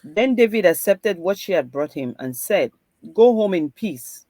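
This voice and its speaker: A woman reading Bible passages aloud in a steady, measured way. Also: medium pitch, no echo. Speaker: host reading scripture aloud.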